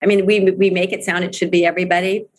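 Talking fast in a level, lowish voice, a middle-aged woman gives a candid interview about her work in network marketing. She is earnest and emphatic, circling back to key phrases to drive them home.

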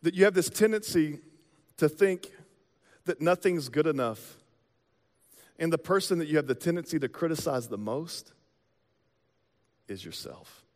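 Male pastor, casual slang-filled sermon, high voice, echoing sanctuary. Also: expressive, measured pace, long pauses. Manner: conversational, joking preacher with casual slang. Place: church sanctuary. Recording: long reverb of a large hall.

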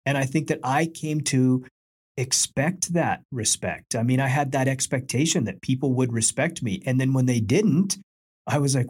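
A man's voice: mid-range voice, darkish tone, breathy edge. A man who was once a police officer, talking reflectively in a casual chat, often restarting his sentences. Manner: reflective, halting, repeats his words.

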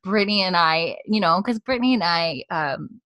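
A woman's voice: lowish voice, lively intonation, fairly quick, a bit bright, no room sound. A woman co-hosting a casual podcast, chatty and rambling, laughing often, from Canada. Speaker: podcast co-host.

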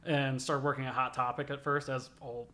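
A man's voice: mid-range voice, level tone, moderate pace, pushed and bright. A young man, a body piercer, telling stories casually in an interview, swearing a lot and filling with "like". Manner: profane, rambling, many "like" fillers.

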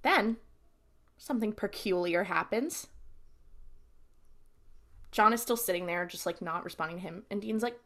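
A woman's voice: mid-range voice, moderate pace, long pauses. A woman co-hosting a podcast, recapping a TV episode in casual chat and acting out the lines. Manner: animated storytelling, acts out quotes. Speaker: podcast co-host.

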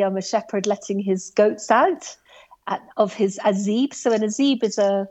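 A woman telling a story about her hike in a casual, animated way, full of asides and restarts. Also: mid-range voice, moderate pace. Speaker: guest recounting a hike.

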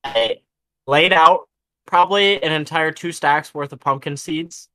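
Young guy on a podcast, bright voice, swears a lot, just rambling. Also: on the high side, measured pace, a little hiss or hum. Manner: rambling storyteller, swears freely. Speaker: podcast co-host. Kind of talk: casual chat.

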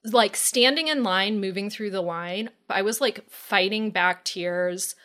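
A woman in casual podcast conversation, telling a story in an animated way and acting out her own past thoughts. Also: medium pitch, unhurried.

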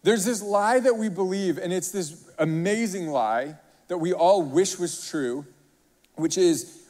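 Animated pastor in a reverberant hall. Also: male voice, sits high, unhurried. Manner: animated storytelling, rhetorical questions. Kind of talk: sermon.

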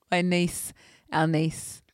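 In a clean studio recording with no room sound, a woman with a deep voice and drawn-out words chats casually and tells funny stories. She's an animated storyteller who laughs often and acts out the voices of the people she quotes.

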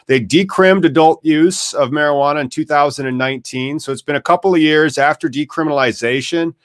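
A man's voice: a little high, brisk, no room sound, clean studio sound. A man hosting a live podcast, talking casually and rambling with many fillers. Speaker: podcast host.

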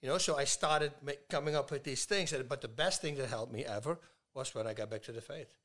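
A man in his fifties, a guest telling stories in casual talk, lively and laughing, acting out the people he quotes. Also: medium pitch, fairly quick. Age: 50s. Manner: animated, laughs a lot, acts out dialogue. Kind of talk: casual storytelling.

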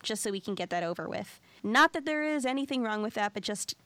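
A woman co-hosting a podcast, talking in a quick, chatty, animated way. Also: medium pitch, no echo. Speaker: podcast co-host. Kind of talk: casual podcast chat.

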